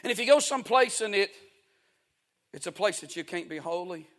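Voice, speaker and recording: A man's voice: sits high, expressive, a little fast, fairly bright tone. A male pastor preaching a sermon in a folksy, emphatic way, repeating key phrases.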